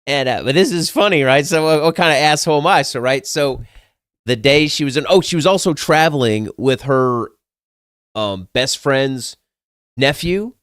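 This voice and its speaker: A man's voice: fairly high pitch, moderate pace, fairly bright tone, clear, resonant tone, no room sound, clean studio sound. A young adult man, casually telling a personal story in a candid, crude, self-mocking way, swearing freely. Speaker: podcast host.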